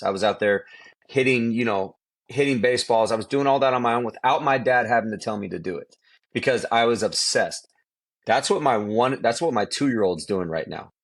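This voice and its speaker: A middle-aged man, a quarterback trainer, telling stories in a casual podcast chat, emphatic and repeating himself for effect. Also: mid-range voice. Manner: animated storytelling, emphatic, repeats phrases.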